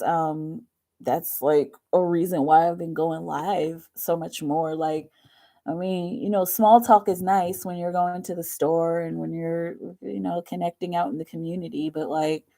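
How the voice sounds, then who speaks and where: A woman's voice: low-pitched, gravelly, warm tone. A young woman hosting a tarot livestream, chatting casually to viewers in a rambling way, laughing often and saying "like" a lot. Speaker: tarot reader livestream host.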